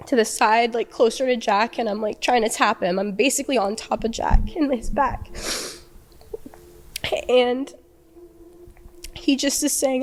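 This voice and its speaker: A young woman, an interview guest, recounting a painful personal ordeal in a halting, emotional way, with many fillers and restarts. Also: on the high side.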